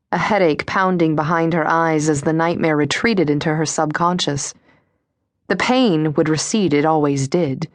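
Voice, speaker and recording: A woman narrating a suspense audiobook in a measured, steady reading voice. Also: lowish voice, dry recording, clean studio sound.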